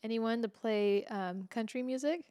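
A woman co-hosting a podcast, telling a story casually, animated and laughing as she acts out what others said. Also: on the high side, normal speed, smooth, no echo, studio quality. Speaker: podcast co-host.

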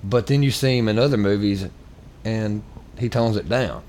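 A man's voice: fairly low pitch, moderate pace, darkish tone, a little hiss or hum. A man co-hosting a podcast in casual chat, rambling with many fillers and restarts. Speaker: podcast co-host.

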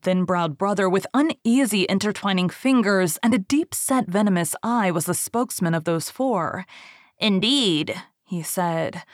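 Woman narrator, storybook reading, measured, low voice, dry sound. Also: no room sound. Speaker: reader.

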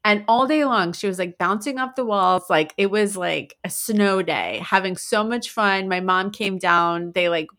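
A woman's voice: mid-range voice, moderate pace, hardly any pauses, fairly bright tone. A woman in her thirties co-hosting a podcast, telling a story in casual chat and acting out her child's lines. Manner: chatty storyteller, acts out her kids' lines, laughs often. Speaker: podcast co-host.

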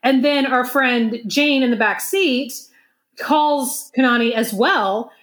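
High-voiced woman telling stories with laughter. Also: takes it slowly. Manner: animated storyteller who laughs often and acts out quotes. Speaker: podcast co-host. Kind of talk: casual chat, storytelling. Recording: roomy echo.

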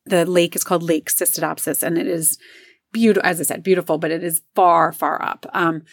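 A woman's voice: on the low side, steady tone, brisk, gravelly, no echo, studio quality. A middle-aged woman telling a personal story in a casual, chatty way, full of fillers and acted-out quotes. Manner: chatty, filler-heavy, acts out quotes in raised voices.

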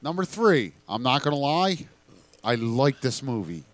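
A man casually chatting about movies, relaxed and rambling with lots of fillers. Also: mid-range voice, a little slow, no room sound. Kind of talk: casual chat ranking movies.

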